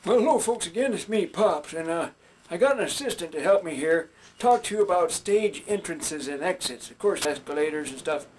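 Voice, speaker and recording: A man's voice: on the high side, lively intonation, brisk, a little mellow, a little hiss or hum, close to an everyday voice. A man voicing a folksy older male puppet who chats with the audience and trails off into fillers as he teaches stage entrances. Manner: folksy, chatty, with hesitant fillers. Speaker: puppetry instructor. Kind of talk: puppet instruction skit.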